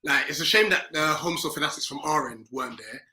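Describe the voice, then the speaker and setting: A man joining a casual football chat remotely, telling stories in a chatty, excitable way. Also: fairly high pitch, quick pace, soft background music, poor audio. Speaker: guest on call.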